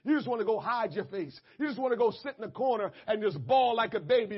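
Man, preacher, sermon, very high voice, shouted emphasis, dull lo-fi sound. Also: lively intonation, fast talker, few pauses, breathy edge. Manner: impassioned preaching, swings between soft asides and shouted emphasis; addresses the congregation directly.

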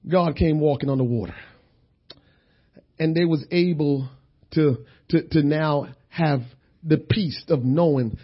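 Husky high-voiced preacher man. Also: lo-fi sound. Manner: storytelling, swings from quiet to shouting. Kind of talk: sermon.

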